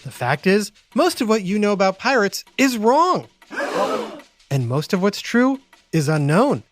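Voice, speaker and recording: A man's voice: sits high, very animated, a little slow. A man hosting and narrating a children's educational podcast in a playful, theatrical way. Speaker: host and narrator. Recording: music playing under the voice.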